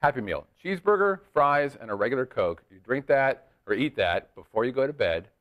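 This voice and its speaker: A man's voice: medium pitch, lively intonation, brisk, dull audio. A man, the show's producer sitting in as guest, teasing the host and rambling through stories in a casual late-night chat. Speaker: show producer and stand-in guest. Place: studio.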